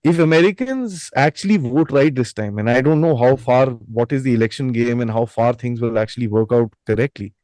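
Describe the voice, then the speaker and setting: A man's voice: medium pitch, a little fast, hardly any pauses, a little mellow, no room sound, poor audio. A man, a guest giving opinions emphatically with rhetorical questions. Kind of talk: opinionated talk.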